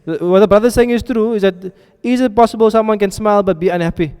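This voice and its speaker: A man teaches a classroom lesson in a high, quick, darkish voice that's clear and resonant, recorded with reverberant hall sound. He often pauses to ask his students questions and make sure they're following.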